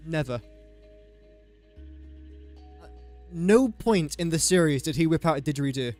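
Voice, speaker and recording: A man's voice: fairly high pitch, expressive, a little slow, a little mellow, soft background music. Chatty guy streaming a game. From England. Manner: thinks aloud while doing sums, chatty and joking. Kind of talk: casual live-stream chat.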